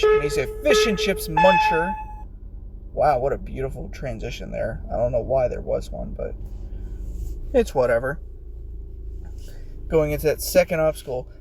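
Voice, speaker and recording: A man giving casual play-by-play commentary on a game competition, excitable and swearing, yelling when players fall. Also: on the high side, slight background noise.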